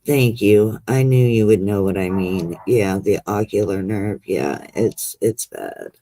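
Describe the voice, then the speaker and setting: A woman's voice: very deep voice, a little slow, dark tone. A middle-aged woman hosting a livestream chat, rambling along and calling her guests honey. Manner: rambling, chatty, calls people honey. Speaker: livestream host. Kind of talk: casual chat.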